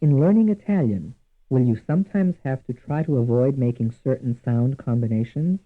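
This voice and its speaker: A man giving scripted instructional narration for a language course, measured and deliberate, repeating each example word twice. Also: mid-range voice. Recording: tinny lo-fi archival course audio.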